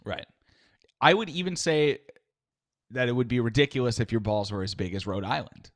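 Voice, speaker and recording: A man co-hosting a comedy podcast, teasing his partner in a deadpan, casual way. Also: medium pitch, moderate pace, no room sound. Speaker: podcast co-host.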